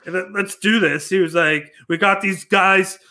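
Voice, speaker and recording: A young man with a high, bright voice chats casually on a podcast. He stumbles and repeats his first words before getting a sentence out. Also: steady tone, measured pace. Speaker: podcast co-host. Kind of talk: casual chat.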